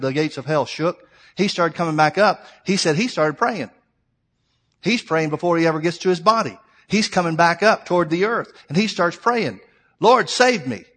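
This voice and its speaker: A male pastor preaching a sermon, telling a story and swinging between loud, fervent preaching and quiet asides. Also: mid-range voice. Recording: long hall reverb.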